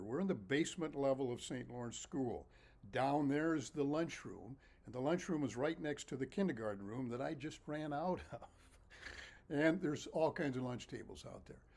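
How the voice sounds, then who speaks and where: A man telling a story from his own childhood in a casual way, lively and animated, often laughing as he talks. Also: on the high side, breathy edge. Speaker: storyteller and author.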